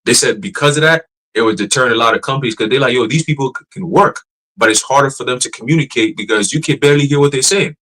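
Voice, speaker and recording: A man teaching casually on a church livestream, profane and animated, laughing and mocking as he talks. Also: mid-range voice, quick pace, rough recording.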